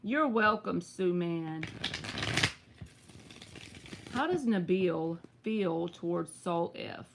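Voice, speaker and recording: A woman's voice: lowish voice, expressive, drawn-out words, creaky, pauses often, noisy background. A woman with a Southern US accent reads tarot cards live. She talks in a chatty, direct way and answers viewers by name. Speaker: tarot reader. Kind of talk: live-stream tarot reading.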